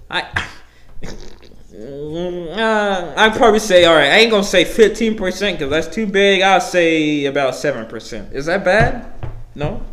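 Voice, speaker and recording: A young man talks alone on his podcast in a rambling, profane rant full of fillers. His voice sits a little high for a man and jumps between loud, heated bursts and low mutters. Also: a little hiss or hum. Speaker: podcast host. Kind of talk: casual solo rant.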